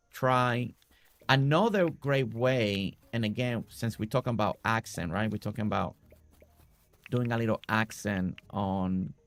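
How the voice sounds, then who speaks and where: A man's voice: lowish voice, vocal fry, a bit bright, no room sound. A man casually talking viewers through his building ideas on a live game stream, rambling with many fillers and restarts.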